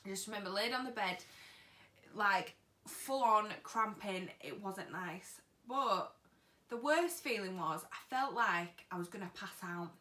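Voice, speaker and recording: A woman's voice: medium pitch, pushed and bright, far from the mic. A young woman telling a personal story to camera in a chatty way, acting out what others said. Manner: chatty, acts out what people said. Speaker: vlogger. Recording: echoey room, voice a bit off-mic.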